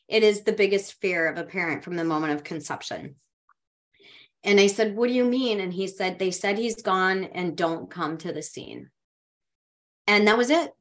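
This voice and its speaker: A woman podcast co-host telling a personal story in a heartfelt, halting way, with frequent restarts. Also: on the low side, a bit bright.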